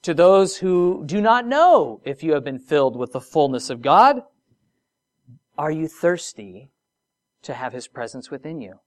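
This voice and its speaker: The sermon is delivered by an expressive preacher with a mid-range voice. Soft, slow phrases build into emphatic rises, and the talk is dotted with offhand asides and rhetorical questions.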